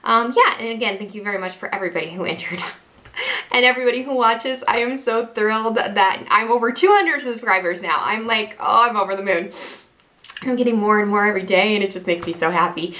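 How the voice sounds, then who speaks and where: A woman's voice: mid-range voice, brisk, bright, forceful tone. A young woman chatting casually through a makeup tutorial as a beauty vlogger, rambling, self-deprecating and restarting her sentences.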